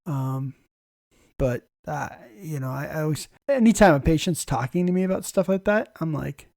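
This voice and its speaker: A man hosts a casual conversation and tells relaxed stories, often clearing his throat. His voice is gravelly and a bit high for a man. He is recorded close and dry, with no echo. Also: normal speed. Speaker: podcast host, ER nurse.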